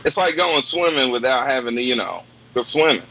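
A man in casual crude banter, joking and reading instructions aloud deadpan. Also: medium pitch, a little fast, a little hiss or hum, low-quality recording. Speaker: co-host of casual drinking chat.

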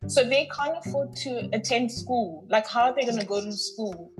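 A woman's voice: on the high side, normal speed, low-quality recording. A woman from the North West, a podcast guest telling a personal story in a heartfelt, emphatic way and repeating words for weight. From North West, South Africa.

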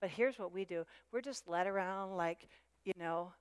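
A woman's voice: on the low side, normal speed, smooth. A woman preaching a sermon with emphasis, repeating her key phrases. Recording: long hall reverb.

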